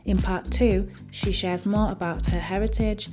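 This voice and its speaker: A woman hosting a podcast, reading a scripted introduction in a measured way. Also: medium pitch, steady tone. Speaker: podcast host and interviewer. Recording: music playing underneath. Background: intro music.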